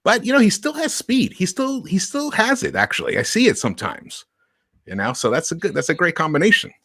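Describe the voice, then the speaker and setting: A man talks sports with lots of pitch movement and plenty of energy, laughing easily and stumbling as his thoughts run ahead. His voice sounds dry and close to the mic. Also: brisk, breathy edge, no room sound. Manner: animated, laughs easily, stumbles over words. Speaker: podcast panelist. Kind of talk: casual sports discussion.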